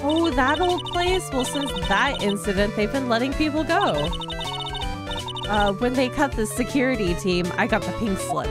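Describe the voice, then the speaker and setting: A woman's voice: a little high, animated, normal speed, natural voice. A woman voicing a cranky, chattering old woman who works as a security guard, scolding everyone she talks to. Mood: gossipy. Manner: scolding, bossy nonstop chatter. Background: loud game music.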